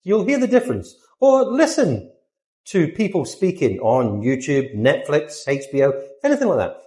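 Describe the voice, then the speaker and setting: Guy teaching english online, slow and super expressive, big pitch swings, roomy echo. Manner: lively, sing-song teaching delivery with exaggerated intonation. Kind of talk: scripted online English lesson.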